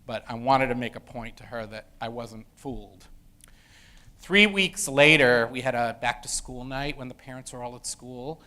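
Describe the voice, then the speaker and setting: This middle-aged professor of education has a bright, forceful, medium-pitched voice and talks at a normal speed. Lecturing informally in a university lecture room, he tells a story from when he taught, with frequent fillers and restarts.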